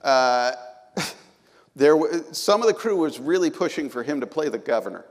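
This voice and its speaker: A man's voice: on the high side, expressive, normal speed. A man on a live panel telling a rambling behind-the-scenes story, laughing often. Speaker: panelist, series creator. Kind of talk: casual panel talk. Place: large hall. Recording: live hall with long reverb.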